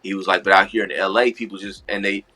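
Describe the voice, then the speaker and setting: Low, bright-voiced LA man rambling. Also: quick pace. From Los Angeles. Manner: relaxed, rambling with many restarts and "I said". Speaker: podcast co-host. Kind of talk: casual storytelling chat.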